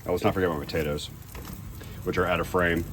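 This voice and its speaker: A man's voice: low-pitched, little pitch movement, quick pace, fairly bright tone, a little hiss or hum. A man in a casual cooking vlog, chatty and self-deprecating, thinking aloud as he grills outdoors. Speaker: home cook.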